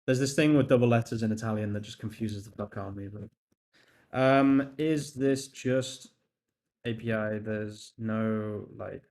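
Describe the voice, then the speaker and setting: A man's voice: lowish voice, steady tone, moderate pace, a little mellow. A young man chatting casually on a live stream while coding, reading chat aloud, laughing and swearing now and then. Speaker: livestream host.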